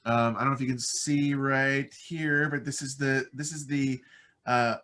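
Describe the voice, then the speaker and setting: A man's voice: medium pitch, steady tone, unhurried, bright, forceful tone. An American man talking casually and enthusiastically in an interview about his voice-over work, rambling with fillers. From United States. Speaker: voice-over artist guest.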